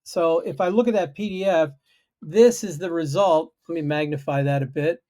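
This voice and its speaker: A guest programmer chats casually on a video-call livestream, explaining his project in a self-deprecating way. His voice is a little high and mellow, at normal speed.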